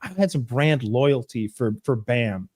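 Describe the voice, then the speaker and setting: A man's voice: mid-range voice, animated, unhurried, a little mellow, no echo. A man in his forties from northeast Georgia co-hosts a podcast in easy, rambling chat. He is blunt and profane, and his mid-range voice sits in a dry, close sound with no room around it. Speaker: podcast co-host.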